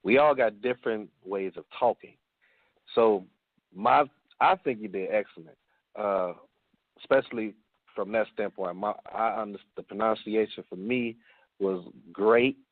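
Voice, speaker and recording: A man's voice: lowish voice, measured pace, no echo. A man with a Chicago accent, a panelist in a casual radio round-table, rambling with many fillers and restarts. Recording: dry tinny phone line.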